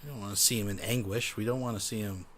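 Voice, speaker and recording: A man's voice: fairly low pitch, fairly even intonation, quick pace. A man hosting a livestream, speaking in a mock-serious, chatty way to his viewers. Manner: mock-serious, repeats "folks". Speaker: livestream host. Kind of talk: casual commentary.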